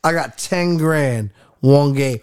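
A man's voice: fairly high pitch, slow pace, a little mellow, smooth. A middle-aged man, a podcast guest, chatting casually with a playful, stammering manner and frequent laughs. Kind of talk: casual chat.

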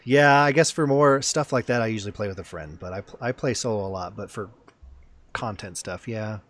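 A man's voice: fairly low pitch, a little fast, a bit bright. A man hosting a casual gaming chat, playful and hyping up his guest. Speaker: podcast host.

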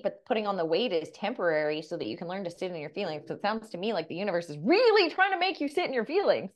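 A woman's voice: mid-range voice, very animated, fast talker, hardly any pauses, highs cut off. A woman co-hosting a podcast, talking earnestly and telling stories that quote the people in them. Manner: earnest, storytelling, quotes others in dialogue. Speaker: podcast co-host. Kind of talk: reflective podcast conversation.

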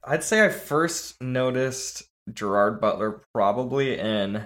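Male podcast host, mid-pitched, chatty, laughs as he goes. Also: expressive, slow, a bit bright. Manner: talkative, laughs while talking. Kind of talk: casual movie podcast chat.

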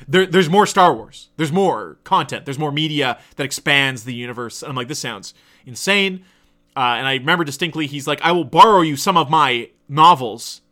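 A man's voice: medium pitch, bright, forceful tone. A man in his thirties telling a casual, profane, digressive story about his past. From Canada. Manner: profane, digressive, self-deprecating. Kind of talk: casual rambling anecdote.

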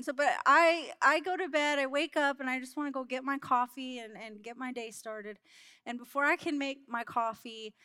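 A woman's voice: fairly high pitch, sharp tone, clean tone, dry recording. A woman giving a sermon in church, telling a candid, self-mocking story from her own day and laughing now and then between lines. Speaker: church speaker. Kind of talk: sermon with personal anecdote.

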